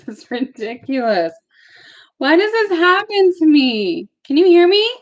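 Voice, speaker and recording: Young woman, high voice, unhurried, chatty tarot live-streamer in her bedroom, bubbly and giggly. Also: very animated, dull audio. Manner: bubbly, greets chat viewers by name, laughs often. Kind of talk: casual live-stream chat.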